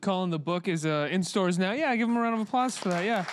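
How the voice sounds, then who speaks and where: High-pitched male host, upbeat crowd-rallying wrap-up; noisy room. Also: expressive, fast talker. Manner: upbeat, rallying a live audience. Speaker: interview host.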